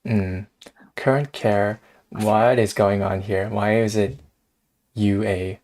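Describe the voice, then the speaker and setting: A man's voice: fairly low pitch, steady tone, slow, a little mellow. A man hosting a casual live coding stream, thinking aloud in a hesitant way and often laughing. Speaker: streamer host.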